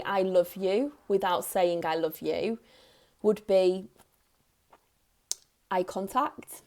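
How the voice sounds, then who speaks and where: A woman in her thirties, a parenting coach, giving earnest advice straight to the camera in a soft tone, repeating key phrases for emphasis. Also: mid-range voice. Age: 30s. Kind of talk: direct-to-camera advice talk.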